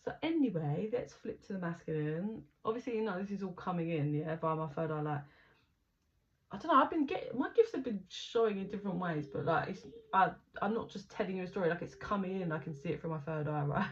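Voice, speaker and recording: A woman's voice: on the low side, lively intonation, brisk. A woman giving a casual tarot reading, chatty and rambling, swearing casually as she tells what she sees. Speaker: tarot reader. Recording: dull lo-fi recording with faint background noise.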